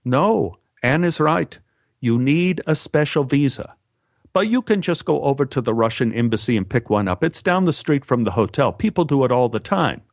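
A man doing a calm, matter-of-fact woman. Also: medium pitch, moderate pace, no room sound, clean studio sound. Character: matter-of-fact woman friend giving advice.

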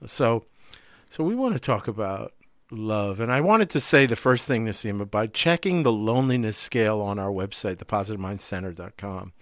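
A man co-hosting a podcast in relaxed conversation, thinking aloud with frequent asides. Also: fairly low pitch, normal speed, dry recording, clean studio sound. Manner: reflective, thinks aloud with many "you know" asides. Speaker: podcast co-host.

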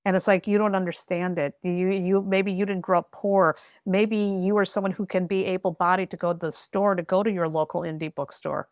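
A woman's voice: on the low side, flat delivery, brisk, hardly any pauses, dry recording. Blunt woman guest, emphatic and candid, dry close recording. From rural area. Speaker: tarot reader guest. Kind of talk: candid advice in a podcast conversation.

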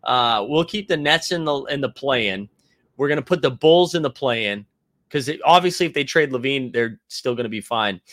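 A man's voice: medium pitch, lively intonation, moderate pace, a bit bright. A man hosting a casual basketball livestream, rambling through his thoughts and reading viewer comments aloud. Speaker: sports livestream host. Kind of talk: casual chat.

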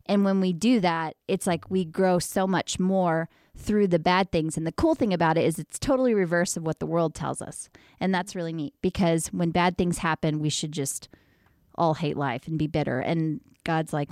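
A woman's voice: on the low side, moderate pace, no echo. Earnest woman talking faith, dry sound. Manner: earnest, animated, with filler words and restarts. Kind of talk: casual faith chat.

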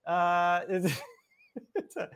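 A man's voice: high-pitched, flat delivery, drawn-out words, fairly bright tone, clean tone. A man, a guest author, telling a story in a casual chat with lots of energy, repeating and restarting words.

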